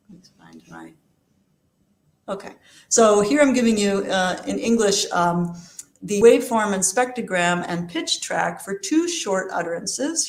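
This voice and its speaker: A woman's voice: mid-range voice, reverberant. A woman giving an academic lecture, explaining steadily with frequent fillers and restarts. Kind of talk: academic talk.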